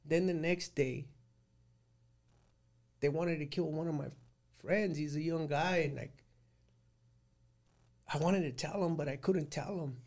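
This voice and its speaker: A man's voice: fairly high pitch, steady tone, a little slow, long pauses, a little mellow. A middle-aged man recounting his life in a casual interview, plain-spoken and rambling, with many restarts. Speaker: guest recounting prison life.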